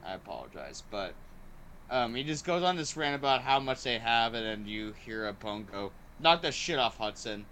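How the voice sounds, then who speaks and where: A man chats casually as a podcast host. His voice is bright and forward. He rambles with eager energy, leaning on "like" and "um" between thoughts. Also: mid-range voice, normal speed, a little hiss or hum. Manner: excited and rambling, heavy use of "like" and "um". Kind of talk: casual movie review chat.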